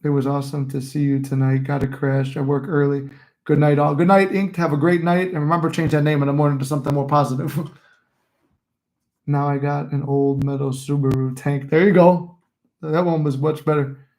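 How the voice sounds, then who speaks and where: A man's voice: a little high, little pitch movement, a little fast, darkish tone. A young man in his twenties telling rambling, profane stories in a casual livestream chat, reading viewer comments aloud. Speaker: livestream host.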